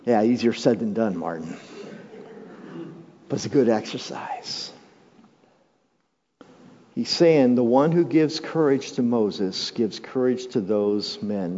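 A male pastor preaching a sermon, swinging from hushed, drawn-out phrases to raised, urgent appeals and calling on the congregation to repeat lines after him. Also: fairly low pitch. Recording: dull, lo-fi sound with long hall reverb.

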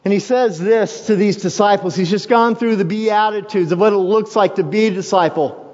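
A man's voice: sits high, moderate pace, darkish tone. A man preaching a sermon as pastor, emphatic and repeating key phrases for weight. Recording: dull lo-fi sound with long hall reverb.

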